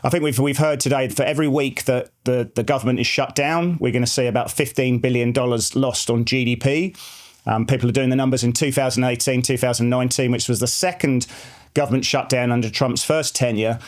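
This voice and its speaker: A man in his forties co-hosts a market show in a loose, chatty way. He rambles through stories and analysis, circling back with lots of fillers and restarts. His voice sits at a mid, ordinary pitch. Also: steady tone, fairly quick. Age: 40s. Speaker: market research head co-hosting a finance show. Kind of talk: casual market chat.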